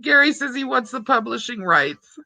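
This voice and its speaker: A woman's voice: on the high side, sing-song, moderate pace, vocal fry, bright, forceful tone, no room sound. A woman hosting a casual livestream, reading out viewer chat, chatty and prone to laughing often. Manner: giggly, breaks into frequent laughter.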